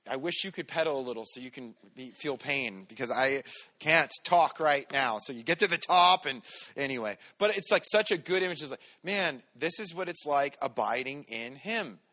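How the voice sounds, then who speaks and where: A man, a pastor, giving a relaxed, conversational sermon with everyday stories. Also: mid-range voice, normal speed. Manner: relaxed, storytelling, talks to the congregation directly.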